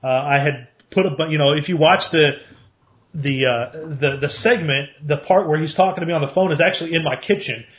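A man's voice: a little high, brisk, highs cut off. A man in his thirties from central Illinois, hosting a podcast and telling a long story in a chatty, rambling way with lots of fillers and restarts. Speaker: podcast host answering listener mail. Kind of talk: casual storytelling.

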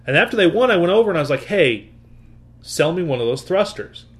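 A man's voice: fairly high pitch, brisk. A man telling a story in casual chat, acting out what people said and swearing freely. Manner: animated, swears, acts out quotes.

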